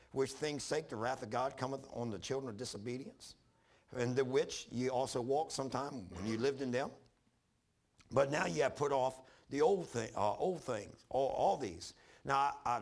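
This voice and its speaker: Male pastor, gravelly and a bit husky, folksy sermon storyteller. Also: medium pitch. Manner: folksy storytelling with animated retold dialogue.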